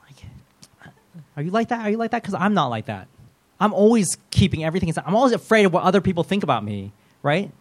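A man's voice: high-pitched, sing-song, fast talker, long pauses. A middle-aged male pastor preaching in a loose, conversational way, full of fillers, telling a story and acting out his own thoughts. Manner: conversational, rambling with fillers and quoted inner thoughts. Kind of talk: casual sermon storytelling.

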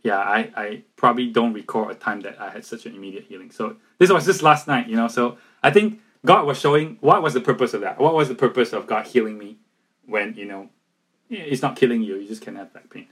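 A man talking earnestly and a little haltingly in a casual faith conversation, with frequent restarts and fillers. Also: medium pitch, a bit bright, husky, poor audio.

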